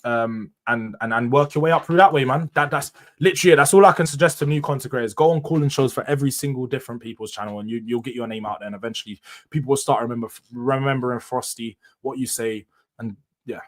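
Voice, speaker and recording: A young man, hosting a casual football live stream, opinionated and quick to laugh. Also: mid-range voice. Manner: chatty and opinionated, laughs often, uses slang. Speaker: football channel host reading live chat.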